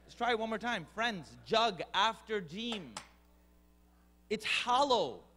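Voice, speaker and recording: A man teaching to an audience as a lively storytelling lecturer, acting out sounds and teasing the crowd. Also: high-pitched, a little slow, slight background noise. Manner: animated, mimics sounds and voices, teases the crowd. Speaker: Quran teacher and speaker.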